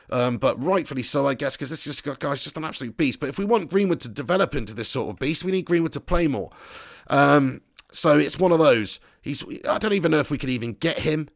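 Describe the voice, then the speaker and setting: A man's voice: medium pitch, vocal fry, dry recording, studio quality. A man streaming a football management game live, chatting casually and rambling, laughing as he reads the chat at home. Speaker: gaming streamer.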